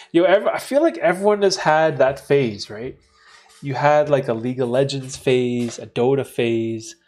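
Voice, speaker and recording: A man's voice: mid-range voice, darkish tone. Young man, livestream host, casual slangy chat, faint background music. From Canada. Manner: laid-back, slangy, laughs often, reads chat aloud.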